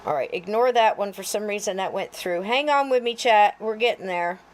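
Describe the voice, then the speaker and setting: Fighting with her computer and muttering to herself, a podcast co-host chats through a casual livestream, warmly greeting viewers by name and joking with her chat in a folksy way. Her voice is medium-pitched and expressive at a moderate pace. Poor audio leaves faint noise under her voice.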